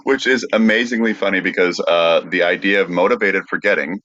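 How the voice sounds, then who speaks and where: A man hosting a podcast, dry and steady, explaining topics in casual chat. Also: low voice, brisk, dull audio, a little hiss or hum. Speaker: podcast host.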